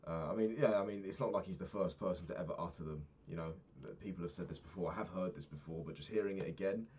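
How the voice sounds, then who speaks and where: A man's voice: low voice, quick pace, darkish tone, a little hiss or hum. A young man talking through his day in a candid, rambling diary vlog, swearing freely. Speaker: vlogger.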